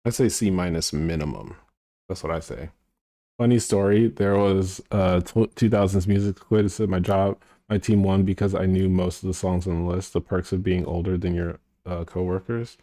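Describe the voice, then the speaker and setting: A male streamer talks loosely to his chat, rambling and trailing off now and then. His voice sits low and mellow. The sound is dry and close, with no room around it. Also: steady tone, normal speed, no echo. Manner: rambling, mumbles to himself, trails off.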